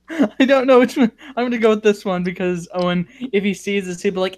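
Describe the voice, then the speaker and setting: Mocking, foul-mouthed man, higher voice. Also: level tone, a little slow, long pauses. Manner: mocking, laughing, heavy swearing. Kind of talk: casual group voice chat.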